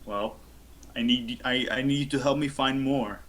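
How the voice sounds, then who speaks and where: A man playing a male street runner who questions a captive in a calm, pressing and smooth-talking way. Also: mid-range voice, normal speed, natural voice.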